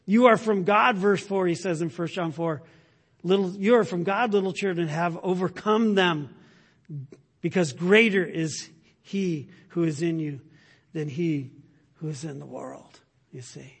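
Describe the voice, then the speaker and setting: A man preaching a sermon, moving between loud emphatic lines and hushed, drawn-out asides. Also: high voice, gravelly, breathy edge, long reverb tail. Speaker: pastor.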